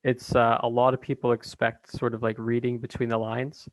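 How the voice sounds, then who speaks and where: A man talking as a guest in a casual conversation, hesitant with many pauses and restarts. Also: mid-range voice, flat delivery, no echo, low-quality recording.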